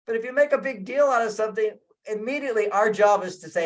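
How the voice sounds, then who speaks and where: A man's voice: sits high, fast. A man speaking as a guest relationship speaker over a video call, emphatic, repeating his key phrases and acting out what partners might say.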